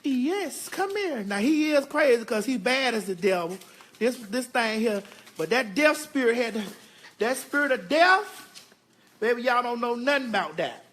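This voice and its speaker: A woman vlogger telling a story at home in a casual, emphatic and animated way. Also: on the high side. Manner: emphatic and animated, often addressing viewers as "girl". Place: home, indoors.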